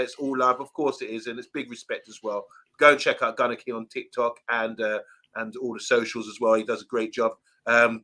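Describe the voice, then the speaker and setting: A man with a very bright, forceful voice hosts a casual live reaction show. He reads viewer comments aloud and gives them shout-outs in an easy, chatty manner. His pitch sits at an ordinary middle level for a man. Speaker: host reading viewer comments. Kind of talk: live watchalong reaction chat.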